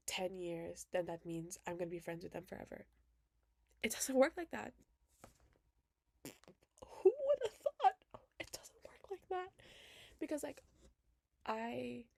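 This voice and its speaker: Woman vlogger, video diary, rambling and reflective, gravelly fry, dry close sound. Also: medium pitch, no echo. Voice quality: emotional, soft-spoken. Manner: rambling, reflective, many "like" fillers. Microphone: built-in computer webcam mic.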